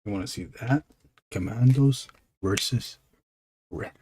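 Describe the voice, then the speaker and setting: A man in his forties, an illustrator chatting casually and haltingly while he draws on a stream. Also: on the low side, a little mellow, a little hiss or hum. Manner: rambling, halting, distracted asides. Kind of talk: casual chat while drawing.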